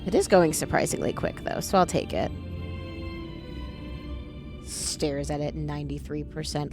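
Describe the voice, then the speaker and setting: A woman's voice: deep voice, steady tone, measured pace, pauses often. A woman live-streaming a video game, chatting casually and talking to her pet as she plays, with faint game music underneath.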